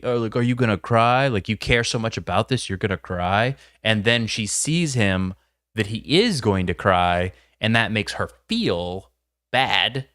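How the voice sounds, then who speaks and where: A man's voice: lowish voice, bright, forceful tone, dry recording, studio quality. A man hosting a livestream, talking bluntly and opinionated, swearing casually as he reacts to clips. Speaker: livestream host.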